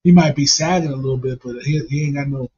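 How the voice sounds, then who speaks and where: Soft-spoken low-voiced man, husky and dull. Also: fast. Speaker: comedic podcast co-host. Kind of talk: crude casual stand-up style banter. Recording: dull lo-fi recording.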